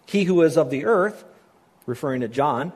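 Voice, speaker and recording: A man's voice: a little high, animated, normal speed, husky. A male pastor delivering a sermon in a slightly raised voice. He talks to his congregation in an easy, conversational way. He drives home important words with emphasis. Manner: conversational, asks the congregation to respond; stresses key words emphatically.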